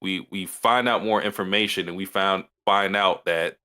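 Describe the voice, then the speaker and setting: A man co-hosting a podcast in casual chat, recapping an anime episode with halting restarts. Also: deep voice, steady tone, pushed and bright. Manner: halting, restarts mid-sentence. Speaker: podcast co-host.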